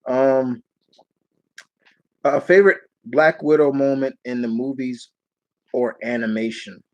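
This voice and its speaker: A man's voice: medium pitch, fairly even intonation, measured pace, highs cut off. A man hosting a live Q&A stream, answering viewer questions in a rambling, casual way and laughing as he retells movie scenes.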